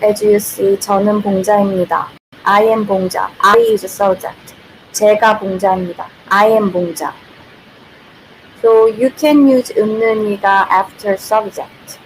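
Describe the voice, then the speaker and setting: A woman's voice: medium pitch, low-quality recording. A young Korean woman with a Korean accent, teaching her language in a casual, chatty livestream and reading viewer comments as she goes. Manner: chatty, laughs often, reads viewer comments. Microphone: built-in computer mic. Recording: faint background noise, built-in mic.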